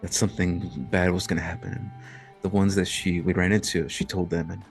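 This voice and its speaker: A man voicing a weary, flustered old man who rambles in halting, hesitant sentences. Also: low-pitched, flat delivery, creaky, faint music behind.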